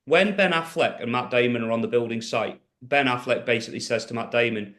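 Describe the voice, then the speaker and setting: A man's voice: medium pitch, a little fast, fairly bright tone. A man hosting a podcast interview, asking questions inquisitively and thinking aloud as he goes. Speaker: podcast host.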